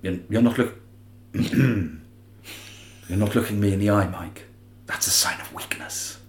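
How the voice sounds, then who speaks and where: Bloke putting on intense older guy, hushed half-whisper, slow and menacing, echoey room. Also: on the low side, slight background noise, voice pushed down. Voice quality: half-whispered, mouth barely open. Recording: roomy echo.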